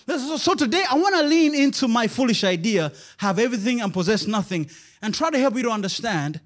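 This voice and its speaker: A pastor preaches a sermon in church, shifting between loud, shouted lines and quiet, low passages. He is expressive and talks fast.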